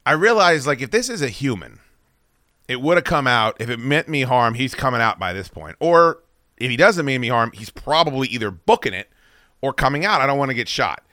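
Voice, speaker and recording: A man hosting a podcast, telling a story casually and with lots of swearing, acting out his own shouts. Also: mid-range voice, brisk, no room sound, studio quality. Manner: profane, animated, acts out his own shouting. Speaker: podcast host.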